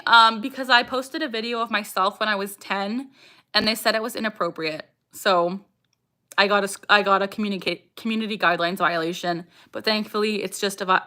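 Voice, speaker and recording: At normal speed, a young Canadian woman with a sharp, mid-range voice hosts a relaxed livestream. Vocal tics break in as she chats with viewers and reads their comments out loud.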